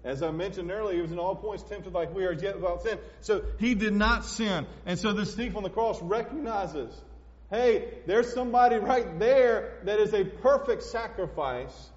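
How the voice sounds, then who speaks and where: High-voiced preacher in an echoey hall. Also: male voice, moderate pace. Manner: emphatic preaching, swinging between loud and hushed. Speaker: pastor. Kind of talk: sermon. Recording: echoey hall, dull lo-fi sound.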